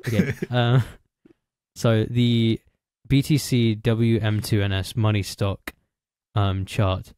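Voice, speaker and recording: Male podcast co-host, slow and halting, low voice, dry close mic. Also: flat delivery, a little mellow, smooth, no room sound. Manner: hesitant, halting. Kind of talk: casual chat.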